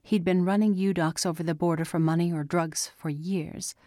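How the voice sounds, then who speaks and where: A woman narrating an audiobook in a steady, even storytelling manner. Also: lowish voice, normal speed, dry recording, clean studio sound. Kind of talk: scripted narration.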